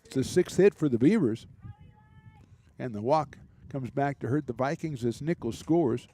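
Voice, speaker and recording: A man doing relaxed, chatty play-by-play commentary for a college baseball game, with small asides and jokes between pitches. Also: moderate pace. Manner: relaxed, chatty, lightly joking between pitches, rising excitement on big plays. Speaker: play-by-play announcer.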